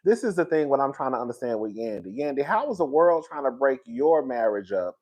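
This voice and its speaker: A man riffs through celebrity gossip, animated and playful, chuckling as he talks to his audience. His voice sits at an ordinary middle pitch for a man. He is the regular host of the show. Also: brisk. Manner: animated and gossipy, laughing between lines, calls his viewers "girl". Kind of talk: reaction commentary.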